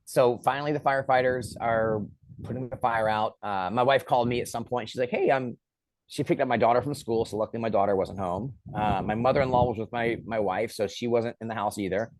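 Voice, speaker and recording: A man's voice: medium pitch, fairly quick, no room sound. A man, a film director as an interview guest, telling a personal story casually and acting out the lines of the people in it. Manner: lively storyteller who acts out quoted lines.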